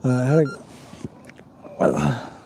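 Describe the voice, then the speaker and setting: A man's voice: drawn-out words, warm tone, slight background noise. A man hosting a live fishing stream outdoors, rambling easily and reading viewer comments aloud. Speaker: fishing livestream host. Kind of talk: casual live-stream chat.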